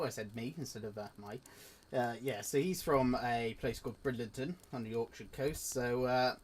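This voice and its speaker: A young Englishman with an Oxfordshire accent and a faint country twang answers viewer questions as a relaxed vlog host. His speech is loose and chatty, full of "uh" and quick restarts. His voice sits at an average pitch for a man. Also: slight background noise. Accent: Oxfordshire with a slight country twang. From England. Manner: chatty, lots of "uh" and self-interrupting restarts. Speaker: YouTuber. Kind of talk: casual Q and A to camera.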